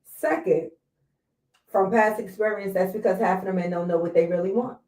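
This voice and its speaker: A woman's voice: mid-range voice, fairly even intonation, normal speed, a little mellow. A woman from New York, a hairstylist guest on a talk show, giving blunt, firm opinions in casual chat. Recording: roomy sound, mic far off.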